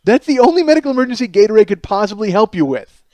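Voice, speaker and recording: A man in his forties talks alone into the mic, swinging between incredulous, swearing rants and a looser, rambling story. His voice sits a little high for a man. The sound is close and dry, with no room around it. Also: sing-song, racing, dark tone, no echo. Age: 40s. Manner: incredulous profane ranting, shifting to rambling storytelling. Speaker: podcast host. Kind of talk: solo comedic monologue.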